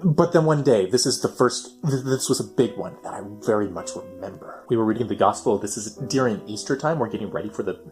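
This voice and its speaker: Animated young man telling a story. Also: fairly low pitch, fairly quick, soft background music. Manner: animated, swinging from loud excitement to near whispers. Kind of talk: personal storytelling.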